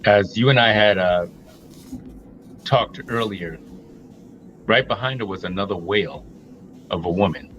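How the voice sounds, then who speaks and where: A man's voice: lowish voice, a little slow, pauses often, dull audio, noisy background. A middle-aged man co-hosting a reaction talk, emphatic and blunt, laying out his points one by one. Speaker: co-host. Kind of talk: opinionated reaction commentary.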